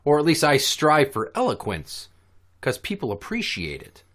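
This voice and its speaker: Animated, swearing male podcast host. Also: fairly high pitch, moderate pace. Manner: animated, profane storytelling. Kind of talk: casual podcast chat.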